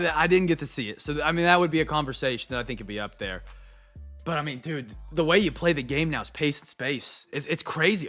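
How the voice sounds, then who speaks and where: Young guy ripping cards on a live stream, fast rambling sports rants, bright punchy voice, faint music under it. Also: on the high side. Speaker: card break host. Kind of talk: live-stream card break chat.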